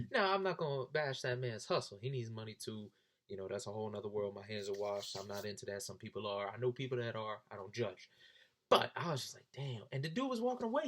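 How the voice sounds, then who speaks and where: A young man telling a story to the camera with a lively voice that swings widely in pitch. His delivery is casual and animated, and it leaps up high whenever he gets excited. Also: fast talker. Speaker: vlogger.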